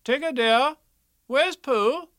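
A man putting on a gentle, motherly storybook kangaroo who speaks softly and kindly to her little one. Raised higher than his own voice, bright and close. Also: slow, clean tone, no echo, full character voice. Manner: soothing, motherly.

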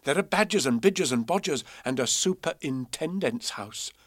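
A man's voice: fairly high pitch, no room sound. Man reading children's verse, very dry sound. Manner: measured, expressive reading. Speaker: narrator.

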